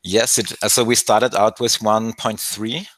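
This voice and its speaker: A man's voice: lowish voice, steady tone, unhurried, a bit bright, no room sound. A man whose first language is German, answering interview questions in a hesitant, casual way over a video call. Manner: hesitant, many fillers and restarts. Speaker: guest maintainer.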